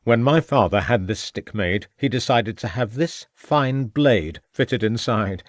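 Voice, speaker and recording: A man voicing a scheming, murderous Victorian gentleman who gloats and sneers at the inspector. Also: mid-range voice, expressive, measured pace, dry recording, clean studio sound, lightly acted. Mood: menacing.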